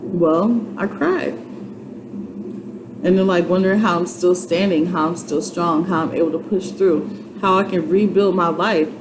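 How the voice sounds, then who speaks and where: A woman's voice: fairly low pitch, unhurried, noisy background. A woman in her twenties giving an earnest, faith-based motivational vlog, urging and repeating herself like a preacher. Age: 20s. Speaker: YouTube vlogger.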